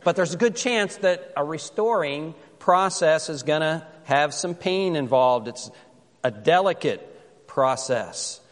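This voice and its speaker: A man preaching a sermon as pastor, telling a story in a conversational way and reading scripture slowly and with care. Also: fairly high pitch, animated, long reverb tail.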